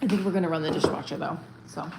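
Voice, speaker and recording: A woman's voice: low voice, steady tone, rapid-fire, heavy background noise. Chatty woman comedian live-streaming. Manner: chatty, rambling, breaks into song. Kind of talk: casual live-stream chat.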